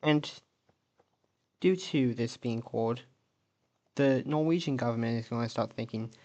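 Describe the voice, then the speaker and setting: A man's voice: mid-range voice, unhurried, long pauses, dark tone, dull audio. A man casually narrating an alternate-history map video, thinking aloud and correcting himself as he goes.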